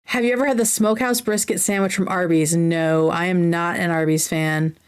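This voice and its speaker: A woman's voice: on the low side, steady tone, fairly quick, smooth. A woman hosting a casual livestream Q&A at her computer. She reads viewer questions aloud and answers them in a chatty, enthusiastic way that drifts into tangents. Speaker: livestream host.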